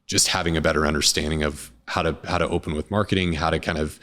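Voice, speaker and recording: A man, a restaurant co-founder, talking casually in an interview, relaxed and rambling with many restarts. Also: a bass voice, fast.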